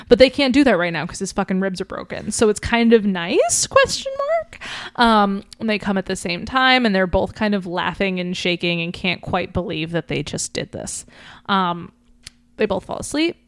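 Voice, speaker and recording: A woman co-hosting a podcast casually recaps a book's plot, chatty and packed with "like" and "um," briefly acting out quoted lines. Her voice is mid-range, clear and resonant, with no room sound.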